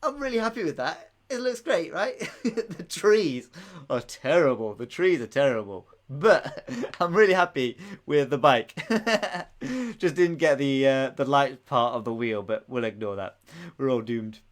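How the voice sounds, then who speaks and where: A jokey quiz host in his late twenties reads out answers and wanders off into giggly tangents. His voice sits at an ordinary middle pitch. He talks right up against his microphone. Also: expressive, measured pace. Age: late 20s. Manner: jokey, giggly, rambling asides. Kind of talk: live-streamed quiz answers. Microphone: microphone close to the mouth.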